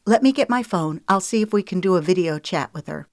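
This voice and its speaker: A woman's voice: on the low side, expressive, fairly quick, darkish tone, dry recording, clean studio sound. A woman voicing a young female singer who speaks plainly and steadily. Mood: brisk.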